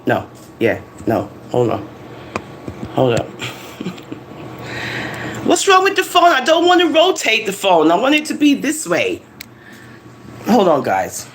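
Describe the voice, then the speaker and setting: A streamer talking into a phone at home, pitch leaping all over the place with animated, teasing energy. The room is echoey, with a faint hum of ambience behind the voice. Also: unhurried, pauses often. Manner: animated, laughing, teasing rants and storytelling. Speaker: live-stream host. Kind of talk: casual live-stream chat.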